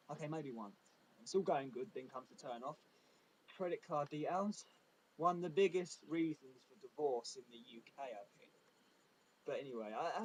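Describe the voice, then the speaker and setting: A man performing a stand-up comedy routine with deadpan, self-deprecating asides. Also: mid-range voice, slight background noise, low-quality recording.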